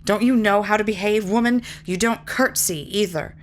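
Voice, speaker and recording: A woman's voice: mid-range voice, normal speed, close to an everyday voice. A woman reading a proud, moody male magician. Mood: earnest. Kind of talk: audiobook character reading.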